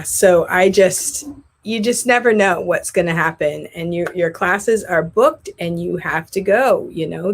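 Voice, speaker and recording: A woman who teaches English online, chatting casually and telling rambling stories about her classes. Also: lowish voice. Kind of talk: casual vlog chat.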